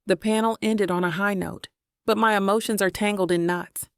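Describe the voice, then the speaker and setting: Lady reading a romance audiobook, steady, mid pitch, dry no-room sound. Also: moderate pace, smooth, dry recording. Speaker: audiobook narrator. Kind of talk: first-person scripted narration.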